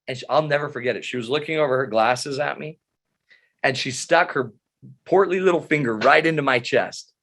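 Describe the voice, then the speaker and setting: A man's voice: a little high, a little fast, fairly bright tone. A middle-aged man giving a webinar talk on psychology, telling stories with humor and animation. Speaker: presenter.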